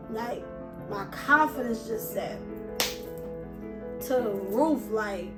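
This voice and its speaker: A woman, telling her story to camera in an animated way and acting out her old thoughts with swearing. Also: a little high, slow pace, pauses often. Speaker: vlogger and self-published author. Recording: echoey room with music playing behind.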